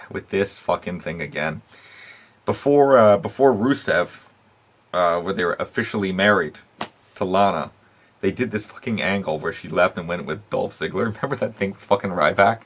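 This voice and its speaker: A man's voice: deep voice, a little hiss or hum. Profane, blunt man ranting. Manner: profane, blunt, swears constantly; animated rants with frequent fillers and laughs. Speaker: wrestling podcast host. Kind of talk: casual opinionated recap.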